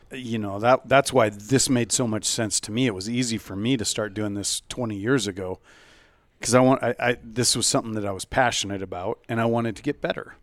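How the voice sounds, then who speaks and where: Man, podcast co-host, low voice, dry sound, relaxed storytelling. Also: no echo. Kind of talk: casual podcast chat.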